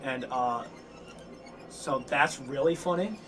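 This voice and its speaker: A man casually telling a long story to friends, rambling and halting with lots of fillers and restarts. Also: mid-range voice, fairly bright tone. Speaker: lore storyteller among friends. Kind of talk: casual chat.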